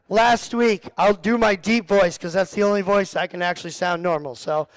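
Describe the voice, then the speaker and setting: A man leading a church youth group, cracking self-deprecating jokes and teasing the kids between points of his talk. His voice sits high and has a gravelly edge. The sound is dry and close on a mic. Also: no room sound, poor audio. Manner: joking, self-deprecating, talks to the kids in the room. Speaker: youth pastor. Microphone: handheld or headset mic.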